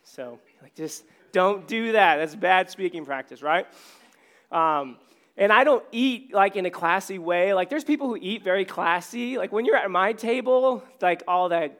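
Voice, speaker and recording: A man preaching a casual, conversational sermon on stage while his voice is going hoarse. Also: on the high side, a bit bright. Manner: casual, self-deprecating, conversational preaching with many fillers. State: losing his voice. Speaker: pastor.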